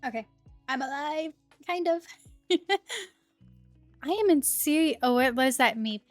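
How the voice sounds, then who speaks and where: A woman's voice: high voice, lively intonation, unhurried. A young woman streaming a game, chatting casually and reading the game's text aloud in an amused way. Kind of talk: casual let's-play commentary. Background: faint lo-fi music.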